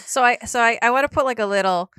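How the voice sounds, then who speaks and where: A woman's voice: fairly high pitch, quick pace, bright, forceful tone, clean tone, no echo, studio quality. A woman co-hosting a podcast in casual chat, talking in a chatty, giggly way and trailing off with fillers. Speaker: podcast co-host.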